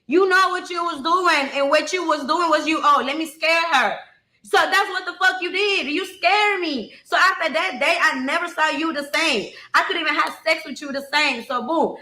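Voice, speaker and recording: A woman with a high, bright voice tells her own story with raw emotion. She is blunt, swears freely and keeps talking straight to her listeners. The sound carries a roomy echo. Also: normal speed, hardly any pauses.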